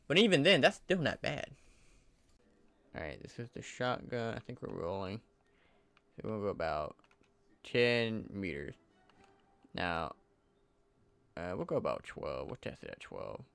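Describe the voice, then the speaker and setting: A man's voice: mid-range voice, creaky, fairly bright tone, no room sound. A man giving casual, enthusiastic commentary over gameplay footage in a loose, conversational way. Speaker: gaming channel creator.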